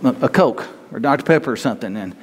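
Halting conversational male preacher. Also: medium pitch, animated, husky, in a large hall. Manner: conversational, halting with repeated restarts. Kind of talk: sermon.

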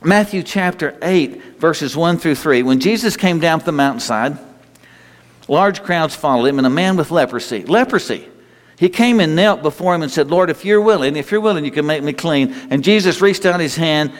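Earnest preacher guy, lots of restarts, hall echo trailing behind him. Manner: earnest, repeats and restarts, swings up and down in pitch. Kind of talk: sermon. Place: church hall. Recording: long reverb of a hall.

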